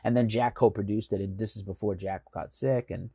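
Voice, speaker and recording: A man's voice: lowish voice, fairly even intonation, a little fast, mellow, slightly rough, no room sound, clean studio sound. A man from the United States, a magazine editor hosting his show, telling a rambling, enthusiastic story full of fillers. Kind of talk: casual storytelling monologue.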